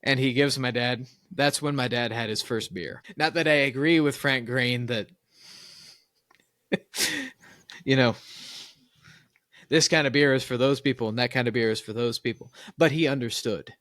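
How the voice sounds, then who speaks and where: A man co-hosting a podcast, talking in a casual and opinionated way and telling long anecdotes that he laughs at himself. His voice sits in a middle pitch. The recording is dry and close, with no room sound. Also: fairly even intonation, normal speed, pauses often, a bit bright, no echo. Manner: opinionated storyteller, laughs at his own stories. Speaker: podcast co-host.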